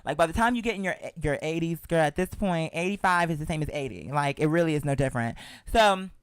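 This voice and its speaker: A chatty, sassy show host tells a story straight to the listener and keeps calling them "girl". The pitch sits in the middle range. The sound is dry and close, with no room echo. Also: fast talker, clean tone. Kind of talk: casual storytelling monologue.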